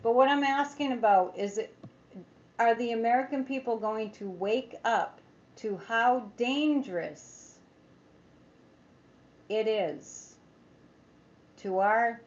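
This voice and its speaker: A woman's voice: medium pitch, muffled recording. A woman psychic chatting casually on a livestream, rambling, reading viewer comments aloud and making sarcastic asides. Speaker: psychic tarot reader.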